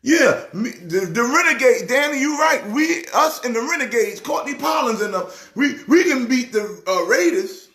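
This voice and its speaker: A man who is a pastor, talking sports casually in an excitable way, repeating words with a preacher's rhythm. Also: extremely high pitch, normal speed, hardly any pauses, echoey room. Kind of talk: casual sports talk show.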